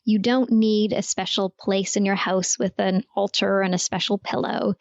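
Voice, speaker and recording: Woman, neuroscientist guest, clear explainer, mid voice, dry muffled remote sound. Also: medium pitch, no room sound. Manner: clear, explanatory, uses everyday analogies. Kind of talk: podcast interview, explaining.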